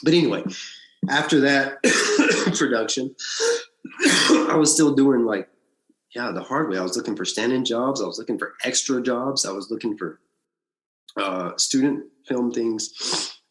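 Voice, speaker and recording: A man from Alabama, a podcast guest, recounting his past in animated casual storytelling, often restarting his sentences. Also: a little slow, pauses often. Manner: animated storyteller, frequent restarts and big pitch swings. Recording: echoey room.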